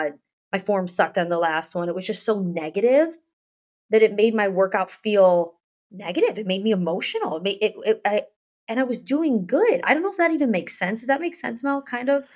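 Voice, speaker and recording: A woman's voice: medium pitch, a little fast. Chatty woman rambling with many fillers. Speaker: podcast co-host. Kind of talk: casual chat.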